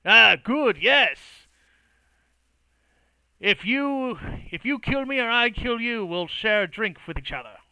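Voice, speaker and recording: A man putting on a woozy, jolly dwarf whose voice climbs high and excitable. The tone is bright and smooth, and the delivery is slow. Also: no room sound, full character voice. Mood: cheerful. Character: tipsy jolly male dwarf.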